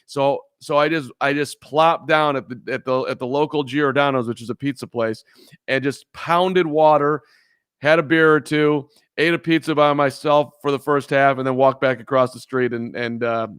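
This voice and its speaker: A man's voice: medium pitch, steady tone, moderate pace, fairly bright tone, smooth, no echo, studio quality. A man co-hosting a casual sports podcast, telling a rambling story with lots of restarts. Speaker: podcast co-host. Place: in Chicago.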